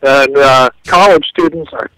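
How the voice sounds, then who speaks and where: A man's voice: medium pitch, measured pace, fairly bright tone, clear, resonant tone, dry recording. Self-mocking man on a tinny phone line. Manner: rambling, self-deprecating. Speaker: regular phone caller. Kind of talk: casual chat over the phone.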